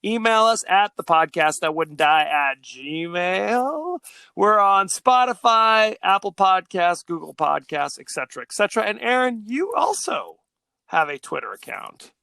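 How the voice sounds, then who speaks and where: High, bright-voiced male podcast host. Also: expressive, unhurried, creaky, clear, resonant tone, dry recording. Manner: rambling, laughing, many fillers. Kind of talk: casual movie discussion.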